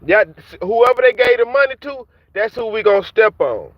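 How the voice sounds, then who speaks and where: Man vlogger, angry taunting rant, high voice, dull dry lo-fi sound from a car. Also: expressive, normal speed, dry recording. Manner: heated, repetitive, taunting. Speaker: vlogger ranting at rappers. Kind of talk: angry street-talk rant to camera.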